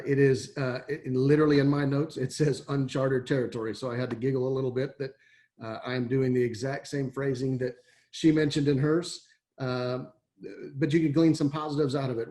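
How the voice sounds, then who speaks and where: A man's voice: mid-range voice, little pitch movement, fairly quick, dark tone. Folksy middle-aged man on a video call. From Texas. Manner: folksy, rambling, many fillers and restarts. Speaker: athletic director. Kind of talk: webinar presentation.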